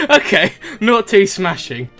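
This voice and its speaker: A young man gives chatty game commentary, mocking his character with a voice that swings wide and leaps up in pitch when something surprises him. Game music plays underneath him throughout. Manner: chatty, teasing, prone to sudden excited pitch jumps. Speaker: gaming channel host.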